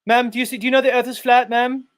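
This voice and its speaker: Man doing a shrill mock-British street preacher. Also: little pitch movement, quick pace. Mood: hectoring. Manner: sing-song hectoring pitch. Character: male flat earth street preacher, pushy and shrill.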